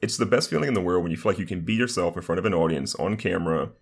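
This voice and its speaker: A man's voice: sits low, racing, vocal fry. A young man who is a streamer guest on a podcast, chatting casually in an upbeat, rambling way full of "like" fillers. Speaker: guest, streamer and content creator.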